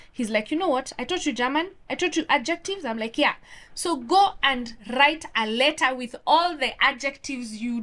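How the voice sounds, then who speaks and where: Animated Kenyan-raised woman recounting a story. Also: on the high side. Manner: animated, acts out quoted dialogue. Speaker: guest, orthodontist. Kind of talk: casual storytelling interview.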